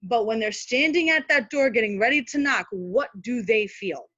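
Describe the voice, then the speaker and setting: A woman's voice: on the high side, moderate pace, pushed and bright, no echo. Chatty woman on a dull call line. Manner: chatty, practical, many fillers and asides. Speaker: guest speaker, social media manager. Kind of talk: casual teaching on a live video call. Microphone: video call.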